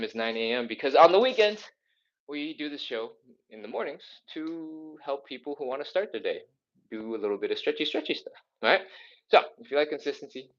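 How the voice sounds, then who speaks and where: A man's voice: fairly high pitch, highs cut off. A man leading a live follow-along stretching workout, upbeat and encouraging, counting reps and a little out of breath as he moves. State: slightly out of breath from exercising. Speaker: mobility and stretching instructor.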